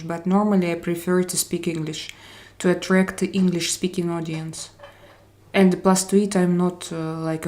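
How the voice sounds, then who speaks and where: Greeting her live-stream viewers by name, a Russian woman speaks in a warm, lowish voice. She hops between English, Spanish and French in a casual chat, taking her time and stretching her phrasing.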